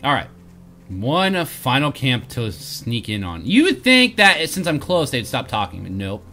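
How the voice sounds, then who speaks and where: A man's voice: mid-range voice, wildly swooping pitch, a little slow, sharp tone, slight background noise. A man hosting a game let's play, reading quest text aloud and joking about himself. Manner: playful, jokey, laughs at himself. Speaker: host.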